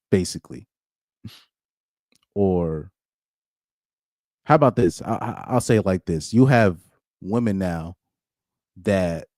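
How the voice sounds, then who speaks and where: Male channel host, low mellow voice, opinionated live commentary, keeps repeating his points, dry close sound. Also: no echo. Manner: opinionated, repeats phrases for emphasis. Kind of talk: casual live reaction commentary.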